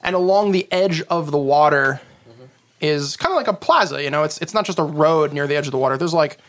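A man's voice: a little high, fairly quick. Rambling man narrating a game. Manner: rambling, loose description full of fillers. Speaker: game master.

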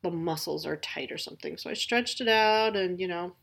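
A woman's voice: on the low side, a little fast, gravelly, a bit bright. A woman in her forties hosting a podcast, talking candidly in a rambling personal monologue full of restarts. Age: 40s. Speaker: podcast host.

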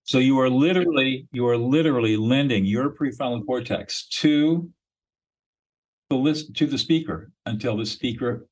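A man's voice: mid-range voice, normal speed, rough recording. A man, a mediator and podcast guest, explaining his method in a blunt, emphatic, instructional way.

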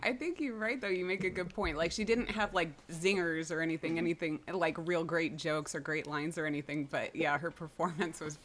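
Woman podcast host, lower voice, laughs a lot, loose casual chat. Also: steady tone, a little fast, hardly any pauses, a little hiss or hum. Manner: giggly, frequent laughs and fillers.

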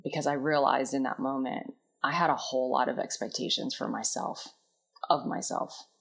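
A woman telling a candid personal story in a reflective, introspective way, often trailing off into soft, quiet phrases. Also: a bass voice, normal speed, creaky, slightly rough. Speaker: vlogger.

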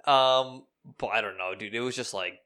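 A young man telling a story in casual chat, animated and profane, laughing often. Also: mid-range voice, moderate pace, clear, resonant tone.

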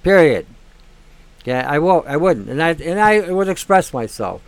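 A man's voice: fairly high pitch, very animated, a little slow, clear, resonant tone, dry recording. A man hosting a show, talking in a blunt, ranting monologue that keeps repeating itself and swears freely. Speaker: show host. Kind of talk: opinionated monologue.

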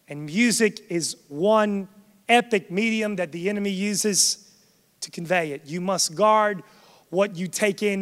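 A man preaching an impassioned sermon as pastor in a church, dropping soft and then rising loud for emphasis. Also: sits high. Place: church sanctuary. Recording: long reverb of a large hall.

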